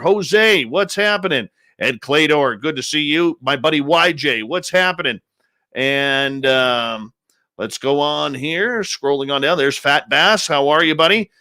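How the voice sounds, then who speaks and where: Upbeat bright radio host. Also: male voice, on the high side, dry recording. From Canada. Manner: upbeat, playful, drawn-out announcer emphasis. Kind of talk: live show roll call and greetings. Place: home studio in British Columbia.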